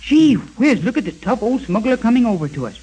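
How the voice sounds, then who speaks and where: An actor playing a nervous young boy who speaks in a hushed, urgent voice, in a 1940s radio drama. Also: extremely high pitch, sing-song, brisk, breathy edge, full character voice, poor audio.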